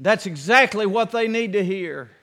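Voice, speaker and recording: A man's voice: high-pitched, expressive, moderate pace, fairly bright tone. A man preaching a sermon in a church, impassioned and repetitive, acting out Bible scenes. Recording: long reverb of a church hall.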